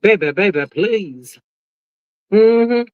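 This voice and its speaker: A woman hosting a casual livestream, reading viewer comments aloud and reacting in a sassy, drawn-out way, calling everyone "child" and "honey". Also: medium pitch, animated, dry recording. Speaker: livestream host. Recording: dull, lo-fi, dry sound.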